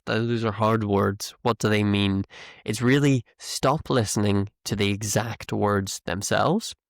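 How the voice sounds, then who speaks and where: Man, English teacher, low gravelly voice, slow patient explaining, dry close sound. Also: no echo. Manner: slow, explanatory, self-correcting, demonstrates tones. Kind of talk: spoken English lesson.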